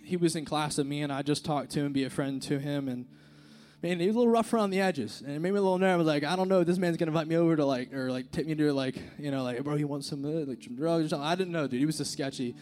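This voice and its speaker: A man's voice: fairly high pitch, a little mellow. A young man giving an informal sermon at a church service, telling a personal story in a casual, earnest way full of fillers like "like" and "dude". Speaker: youth speaker. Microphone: handheld microphone.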